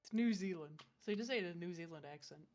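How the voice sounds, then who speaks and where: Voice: medium pitch, racing. A game master in an everyday, mid-range voice, chatting casually with the players. The talk is playful and teasing, with laughs breaking in often. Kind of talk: casual chat between players.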